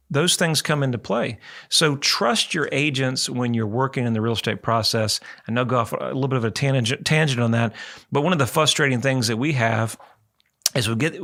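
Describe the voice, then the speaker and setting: A man's voice: mid-range voice, brisk, pushed and bright. A man hosting a radio talk show about real estate in a rambling, chatty, folksy way.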